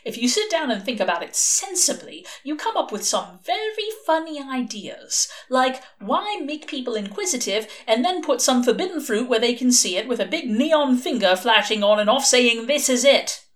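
A woman reader doing a scheming male demon, rambling and excitable, whose voice climbs into questions and swoops about. He sounds wry and restless, in a storybook reading. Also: on the high side, moderate pace, few pauses, voice pushed up. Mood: worked up.

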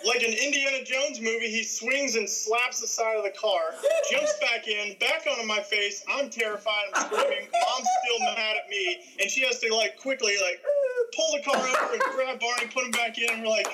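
A young man, a guest, telling a childhood story in a lively, laughing way. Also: very high-pitched, moderate pace, heavy background noise. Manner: animated, laughing through the story. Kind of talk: casual storytelling.

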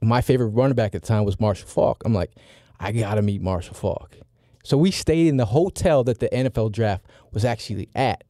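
A man in his forties, a podcast regular, telling a story in a lively, excitable way with many fillers. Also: mid-range voice, dry recording, clean studio sound. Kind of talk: animated storytelling.

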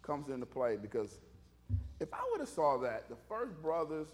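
A man preaching a casual, humorous sermon, animated and conversational, joking with the congregation. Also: on the high side, moderate pace.

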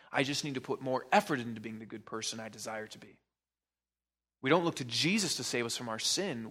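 A man's voice: mid-range voice, a bit bright. A male pastor giving a sermon in a conversational way, with joking asides to the congregation.

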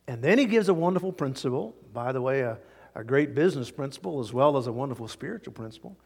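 A man's voice: medium pitch, expressive, quick pace, gravelly, a little mellow, slightly rough, big-room sound. A man preaching a sermon verse by verse, acting out the people he quotes and chuckling often. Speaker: pastor. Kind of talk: expository sermon.

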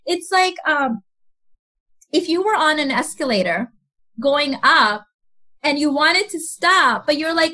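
A woman speaking as a mentor guest in a podcast interview, animated, acting out other people's voices and laughing often. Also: high-pitched, unhurried, long pauses.

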